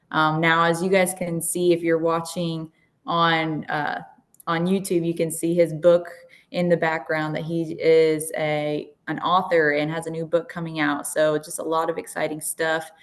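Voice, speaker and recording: A woman hosts a podcast interview in a somewhat low voice. She sounds eager and talks loosely, with plenty of "you know" and "like" as she introduces and questions her guest. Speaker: podcast host.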